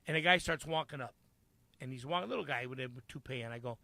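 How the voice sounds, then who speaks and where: Loud, gravelly New storyteller. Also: male voice, mid-range voice, fast talker, dry recording. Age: older. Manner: loud, profane, animated storyteller. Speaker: comedian guest. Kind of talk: casual storytelling.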